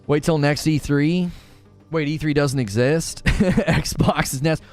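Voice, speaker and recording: Male streamer, high lively voice, jokey and loud, faint music under. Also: slow. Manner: animated, jokey, often yelling. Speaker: live stream host. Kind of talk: casual live stream chat.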